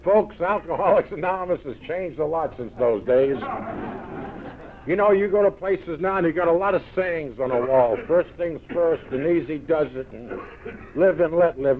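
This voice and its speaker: Gruff New York man on old tape. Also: fairly high pitch, expressive, normal speed, slight background noise. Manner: gruff, punchy storytelling with quoted one-liners. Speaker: recovery meeting speaker. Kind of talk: storytelling talk to an audience. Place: large event hall. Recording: tinny old 1970s tape recording.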